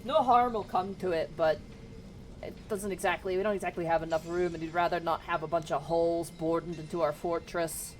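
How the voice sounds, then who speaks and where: A woman's voice: lowish voice, fairly even intonation, brisk, soft background music, poor audio. A woman narrating a tabletop game as game master, describing scenes casually with fillers.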